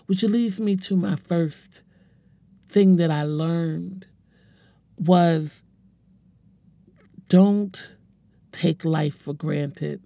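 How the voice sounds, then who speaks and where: Forties speaker for an emotional personal testimony: earnest, halting delivery, warm timbre, no room echo. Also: medium pitch, steady tone, creaky. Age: 40s. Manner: earnest, halting, repeats words while searching for them. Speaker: speaker sharing a personal story.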